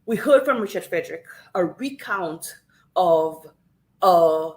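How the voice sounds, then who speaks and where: A woman's voice: fairly low pitch, expressive, takes it slowly, darkish tone, poor audio. A woman from Saint Lucia, tearful and earnest, giving an impassioned livestream address and repeating phrases for emphasis. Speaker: livestream host speaking on politics. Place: home in Canada.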